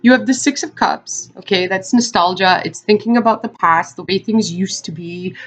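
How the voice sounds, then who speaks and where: A woman's voice: medium pitch, moderate pace. A woman giving a casual tarot card reading to her viewers, talking in a chatty, rambling way with lots of fillers and asides. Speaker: tarot reader.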